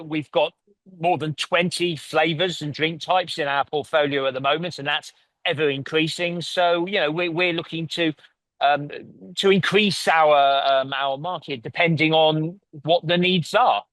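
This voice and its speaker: A man originally from England, now based in Italy, runs a company and answers a remote interview earnestly, looping back to restart sentences and repeat words. His pitch is a little high and his tone steady and a bit bright. He speaks at a moderate pace with no echo.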